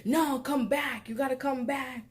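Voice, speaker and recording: A woman mimicking a pushy man she dated, in a pleading, defensive and nagging tone, a little higher than her own voice. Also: fairly even intonation, unhurried, a little hiss or hum. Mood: whiny.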